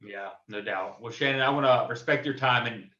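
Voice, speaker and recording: A man's voice: medium pitch, normal speed, pushed and bright, reverberant, dull audio. A man hosting a casual interview podcast, easygoing and brief in his replies. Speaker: podcast host.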